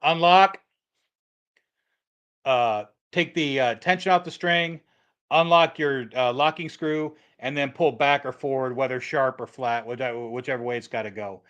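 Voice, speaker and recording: A man's voice: mid-range voice, fairly even intonation, moderate pace, fairly bright tone, muffled recording. A middle-aged man hosting a casual livestream, answering chat questions in a rambling way, repeating himself and restarting sentences.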